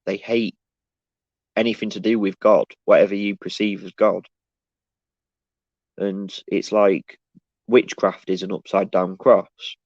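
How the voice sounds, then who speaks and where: A man's voice: lowish voice, flat delivery, a little slow, pauses often, no echo. A man talking casually on a live stream, rambling and restarting his sentences as he answers the chat. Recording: dull, dry lo-fi sound.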